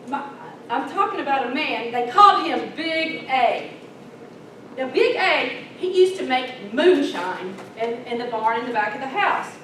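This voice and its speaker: A woman in her fifties giving a humorous Toastmasters speech, animated, breaking into song and acting out characters. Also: high voice. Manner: animated, sings snatches and acts out characters. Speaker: Toastmasters speaker. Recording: echoey hall, distant mic, noisy.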